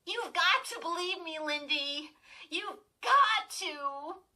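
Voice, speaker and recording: A woman's voice: very high voice, lively intonation, slow pace, sharp tone, voice pushed up, full character voice. A woman voicing a terrified young girl who cries out in panic and desperation. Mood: desperate. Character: terrified young girl fighting a living dummy.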